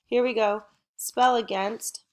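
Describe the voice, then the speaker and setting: This middle-aged teacher's voice sits a little high with a steady tone. Recording a home lesson for first graders, she sounds upbeat and encouraging and speaks slowly and clearly for young listeners.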